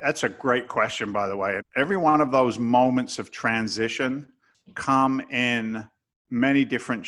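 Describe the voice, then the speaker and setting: A man's voice: medium pitch, a bit bright. A man from England, a guest entrepreneur on an interview podcast, giving emphatic, preachy motivational advice with blunt wording and a bit of swearing.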